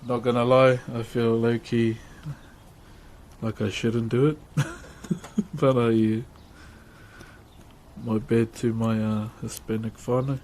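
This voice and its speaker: A man's voice: medium pitch, level tone, slow, pauses often, darkish tone, a little hiss or hum. A man with a New Zealand accent chatting casually on a livestream while woodcarving, laid-back and laughing often as he greets his chat.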